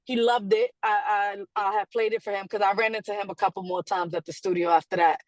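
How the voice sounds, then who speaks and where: A woman being interviewed, telling a story in a casual, animated way, acting out quotes and laughing often. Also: mid-range voice, fast talker, dry recording. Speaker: guest artist.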